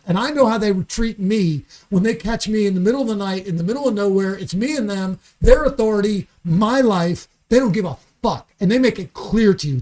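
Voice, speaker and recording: A man's voice: high voice, darkish tone. Fired-up guy on a podcast in a studio, swears a ton, keeps repeating himself. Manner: heated, profane rant; repeats words and restarts sentences. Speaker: podcast guest. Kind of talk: casual podcast conversation.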